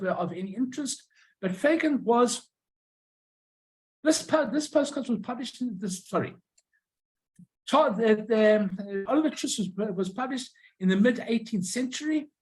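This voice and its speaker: A presenter giving an informal illustrated talk on old stamps and postcards, pausing often, restarting phrases and correcting themselves. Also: mid-range voice, a little mellow, rough recording. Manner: halting, many restarts and self-corrections.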